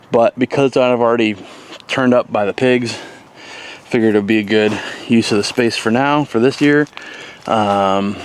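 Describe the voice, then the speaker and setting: A man's voice: medium pitch, slight background noise. A man giving a casual, rambling tour of his homestead garden and animals, with plenty of fillers. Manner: relaxed, rambling, many fillers. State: has the hiccups. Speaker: homesteader vlogger. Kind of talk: casual walking tour commentary. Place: outdoors on a homestead.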